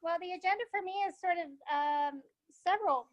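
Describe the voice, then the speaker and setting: A woman guest in a casual interview, a sound therapist who talks haltingly with many filler pauses. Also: very high-pitched, lo-fi sound.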